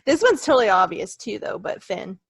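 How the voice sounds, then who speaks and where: A woman's voice: medium pitch, sing-song, brisk, gravelly, husky, dry recording. A woman co-hosting a podcast in casual chat, playful and cheeky, laughing often. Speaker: podcast co-host.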